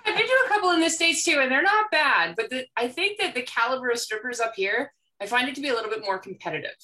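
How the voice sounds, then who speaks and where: Woman talking fast and bright, voice jumps all over. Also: high-pitched, lively intonation, poor audio. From Canada. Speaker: podcast guest. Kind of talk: casual podcast chat.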